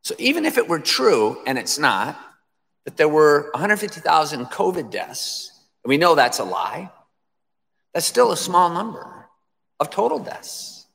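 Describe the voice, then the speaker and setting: A man's voice: on the high side, very animated, measured pace, gravelly, a bit bright, in a large hall. A man preaching an emphatic sermon to his congregation, repeating phrases for effect.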